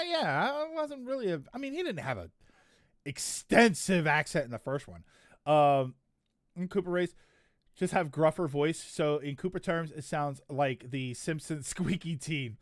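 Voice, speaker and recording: A man's voice: sits high, no echo, clean studio sound. A man streaming live, chatting casually and reacting to a trailer, rambling with frequent restarts. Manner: rambling, restarts, laughs often.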